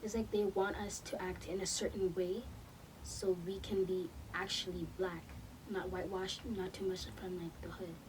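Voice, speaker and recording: A teenage girl in a group discussion, halting and often restarting. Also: lowish voice, little pitch movement. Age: teens. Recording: distant mic with background noise.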